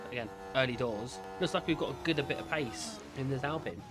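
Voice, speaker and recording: A man giving excitable, chatty commentary while playing a racing management game, cheering his drivers on. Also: medium pitch, quick pace, few pauses, soft background music. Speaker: gaming creator.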